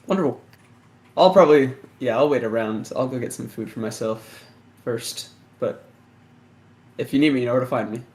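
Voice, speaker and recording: A man's voice: mid-range voice, moderate pace, long pauses, a little mellow. A man playing his character in a tabletop game in an easygoing, conversational way. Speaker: player. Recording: echoey room.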